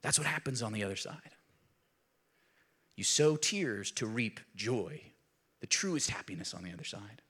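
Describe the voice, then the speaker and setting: A middle-aged man, a pastor, preaching a sermon in an animated storytelling way, rising to loud emphasis and dropping to quiet. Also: on the low side, moderate pace, long pauses, husky.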